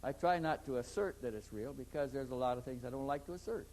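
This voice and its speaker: In a rough recording with a little hiss or hum, a man talks fast in a medium-pitched, slightly mellow voice. He's an interviewee recounting experiences, and his long, anecdotal story rambles, with words frequently repeated at the start of sentences.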